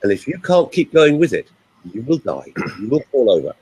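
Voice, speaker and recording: A man who works as a voice coach, telling stories and giving advice in a lively, expressive way. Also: medium pitch, normal speed, slightly rough, rough recording. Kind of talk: animated storytelling and coaching talk.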